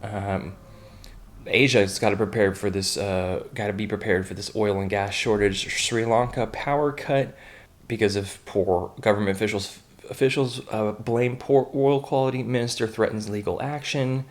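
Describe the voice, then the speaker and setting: A man's voice: lowish voice, fairly even intonation, moderate pace. Casual man reading headlines with blunt asides. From United States. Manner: reads headlines then adds blunt, offhand asides with frequent fillers and restarts. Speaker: host of a daily online news roundup. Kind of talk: casual news reading with commentary.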